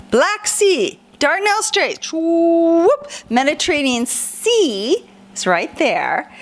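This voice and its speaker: A woman teaching a children's lesson in a playful, animated, sing-song way. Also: sits high. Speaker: homeschool teacher.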